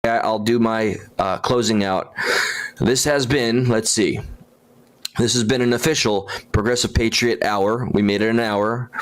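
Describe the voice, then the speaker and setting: A man hosting a casual livestream, rambling and gushing with halting restarts as he talks to his viewers. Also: lowish voice, steady tone, clean tone. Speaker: livestream host.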